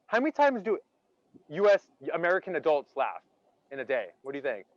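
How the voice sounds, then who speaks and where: A man leading an interactive online laughter workshop, animated and chatty, quizzing his audience and filling his speech with "like". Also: a little high, a little fast, no room sound, lo-fi sound. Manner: animated, chatty, asks audience questions, many "like" fillers.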